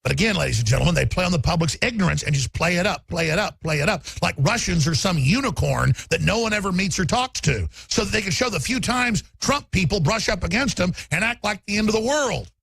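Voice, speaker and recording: A male talk radio host giving rapid, mocking political commentary. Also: high voice, lively intonation, gravelly, fairly bright tone, breathy edge.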